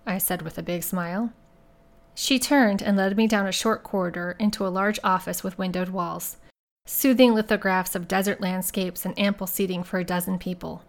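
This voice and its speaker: A woman reading a first-person mystery story aloud in a steady, measured way. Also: mid-range voice. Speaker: audiobook narrator. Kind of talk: scripted first-person narration.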